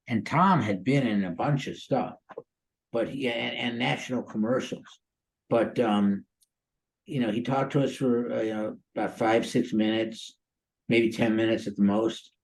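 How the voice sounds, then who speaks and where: A man's voice: on the low side, a little mellow, low-quality recording. Rambling chatty man in his sixties. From Chicago area, USA. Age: 60s. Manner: rambling, full of "you know" and "um", chatty and upbeat. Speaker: guest actor. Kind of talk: casual interview storytelling.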